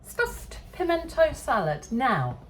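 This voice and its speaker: An English woman hosting a relaxed kitchen demonstration, chatty and self-deprecating, often laughing at herself. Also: high-pitched, takes it slowly, a little hiss or hum. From England. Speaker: cooking show host. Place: home kitchen.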